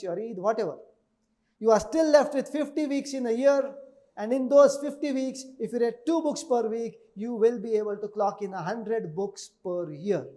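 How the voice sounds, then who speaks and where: A man's voice: high voice, warm tone. A man who trains people in speed reading, giving an emphatic webinar lecture that repeats key numbers and keeps asking listeners to agree.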